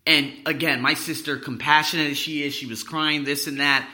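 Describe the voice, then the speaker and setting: Bright-voiced man telling blunt stories. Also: fairly high pitch, fairly even intonation, normal speed. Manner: blunt, profane, rambling with restarts. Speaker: podcast host. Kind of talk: casual personal storytelling.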